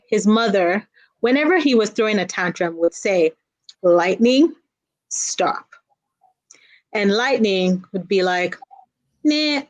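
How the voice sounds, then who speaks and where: A woman tells a folktale in a playful, unhurried way. She invites the listener to answer back in call-and-response. Her voice sits a little high. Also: lo-fi sound. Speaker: children's book author and guest. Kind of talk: telling a folktale aloud.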